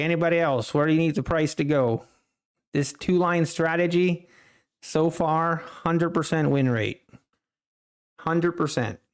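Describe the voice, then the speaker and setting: A man's voice: fairly high pitch, clean tone. Chatty man hosting a trading live stream. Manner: chatty, laughs often, talks to chat viewers. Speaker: livestream trading host. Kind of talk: casual live-stream commentary.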